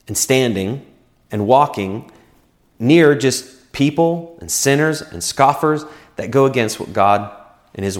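A man preaching a sermon as pastor, earnest and encouraging, repeating words as he speaks. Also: mid-range voice. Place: church.

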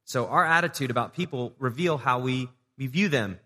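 A pastor preaches a sermon in a conversational style, posing rhetorical questions to the audience and repeating words as he restarts. His mid-range voice moves at a moderate pace, bright and forceful, with a big-room sound.

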